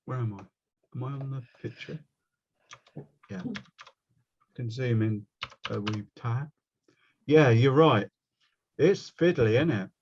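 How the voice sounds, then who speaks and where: A man with a West Country accent rambles his way through a watercolour lesson, chatting and poking fun at himself as he goes. He speaks at a middling pitch, and the video-call audio sounds dull and lo-fi. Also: slow, long pauses, a little mellow, a little hiss or hum. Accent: West Country English. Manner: rambling, chatty, self-mocking. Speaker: watercolour painting teacher. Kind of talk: casual online workshop teaching.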